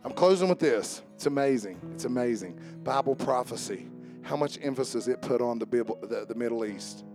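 A male pastor, preaching a sermon that swings from shouting fervor to hushed, earnest prayer. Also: medium pitch, animated, normal speed, over music.

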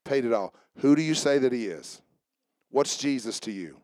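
A man's voice: medium pitch, animated, normal speed, darkish tone, no echo, studio quality. A man preaching a sermon as pastor, fervently asking the congregation questions and answering them. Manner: preaching with rising fervor and call-and-response questions.

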